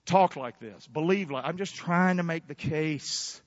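A man preaching a sermon, calling on his congregation to answer back and bursting out loudly before drawing words out for emphasis. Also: fairly high pitch, no echo, highs cut off. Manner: preaching with sudden loud bursts and drawn-out emphasis. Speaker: pastor. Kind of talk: fiery sermon with call-and-response.

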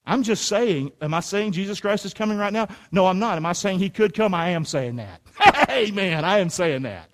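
A man in his forties preaching a sermon to a congregation, animated and often shouting, firing rhetorical questions at the room. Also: high voice, normal speed, very noisy. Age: 40s. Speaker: pastor. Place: church sanctuary.

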